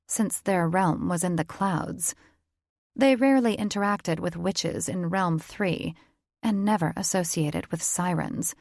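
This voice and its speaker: A woman narrating a fantasy romance audiobook in a measured, even storytelling manner. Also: fairly low pitch, vocal fry, no room sound, studio quality. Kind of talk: scripted narration.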